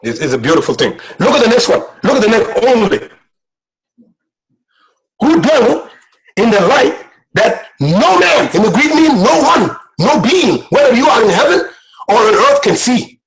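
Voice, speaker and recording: High-voiced impassioned male preacher. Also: sing-song, normal speed, poor audio. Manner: impassioned, repetitive, rising to shouts. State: emotional, near tears. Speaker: guest preacher. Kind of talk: sermon.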